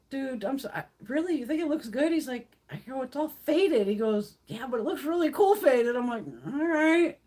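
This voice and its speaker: A woman in her fifties with a husky, fairly high voice that leaps all over in pitch. She chats on a casual livestream and rants bluntly with plenty of swearing, often slipping into quoted voices. The tone is loose and unscripted. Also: warm tone. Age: 50s. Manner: blunt, profane and ranting, with frequent laughs; acts out others' lines in quoted voices. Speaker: beauty livestream host.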